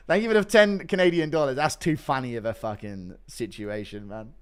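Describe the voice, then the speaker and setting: A man's voice: mid-range voice, normal speed, clear, resonant tone. A man hosting a casual livestream, reading donations, laughing and swearing freely. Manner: profane, laughing, animated. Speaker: livestream host.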